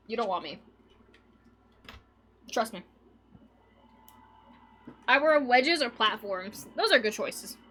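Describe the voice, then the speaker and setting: A woman's voice: on the high side, bright, forceful tone, slight background noise. A young woman streamer in casual, rambling chat with her viewers, laughing often as she talks. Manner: rambling and giggly, chatting with viewers.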